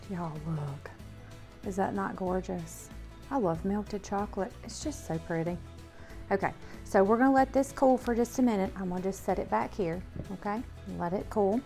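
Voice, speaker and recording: A woman's voice: medium pitch, darkish tone. A woman with a Southern American accent hosting a casual cooking demonstration in her home kitchen, chatting to viewers in a homey way and checking in with them often. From Southern United States. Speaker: cooking show host.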